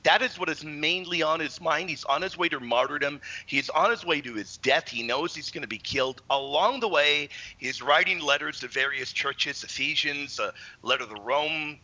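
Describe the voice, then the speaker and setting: A guest apologist on a radio show explains and debates his faith with confidence and energy. His voice is fairly high, pushed and bright, at normal speed with few pauses, on poor audio.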